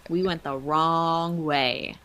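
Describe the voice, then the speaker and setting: A woman's voice: low-pitched, steady tone, slow, a bit bright, clean tone. Playful woman hosting a game stream. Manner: playful, reads chat aloud. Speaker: stream host. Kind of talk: casual gaming stream chat.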